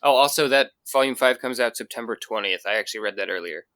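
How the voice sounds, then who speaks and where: A man's voice: medium pitch, quick pace, sharp tone, clear, resonant tone, dry recording. A man co-hosting a casual podcast about comics, talking enthusiastically with lots of fillers. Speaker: podcast co-host. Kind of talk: casual chat.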